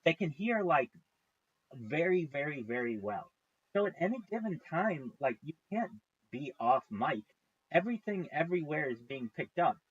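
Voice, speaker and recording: A man's voice: on the high side, very animated, moderate pace, slightly rough, dry recording, highs cut off. A man streaming live, chatting casually in a rambling way, with frequent restarts and free swearing.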